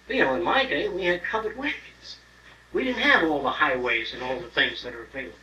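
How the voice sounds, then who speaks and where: A man in his sixties speaks bluntly and profanely to an audience. His voice is bright and a little high, and it carries across an echoing room. It was caught from some distance on an old tape with a light hiss underneath. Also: highs cut off. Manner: blunt, profane, acts out other people's voices. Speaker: lecturer. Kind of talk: informal lecture to an audience.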